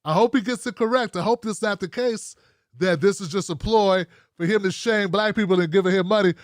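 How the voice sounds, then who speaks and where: A man hosting a call-in show, talking in an animated, loose, slangy way and taking callers. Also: high-pitched, fairly quick, no echo, clean studio sound. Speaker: host.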